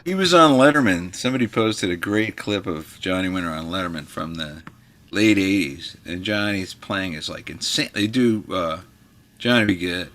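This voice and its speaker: A man's voice: deep voice, normal speed. A man, a guitar magazine editor, telling stories in a casual chat and acting out the people he quotes. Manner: animated storyteller who acts out the people he quotes.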